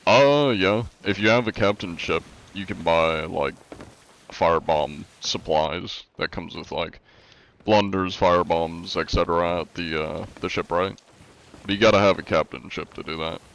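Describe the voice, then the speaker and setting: A young man with a very low, stuffy voice talks to his stream in a relaxed, meandering way. His nose is congested, and the sound is a bit dull and lo-fi. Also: a little slow, creaky. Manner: laid-back, rambling, answers chat between thoughts. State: congested from allergies. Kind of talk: casual live-stream chat.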